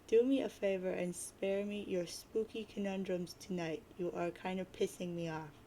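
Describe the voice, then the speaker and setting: A woman's voice: lowish voice, fairly even intonation, normal speed, mellow, a little hiss or hum, natural voice. A woman reading the lines of a mopey, sarcastic teenage boy who sees himself as a prophet of doom, in a dramatic webcomic reading. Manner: grumbly, sarcastic, self-pitying.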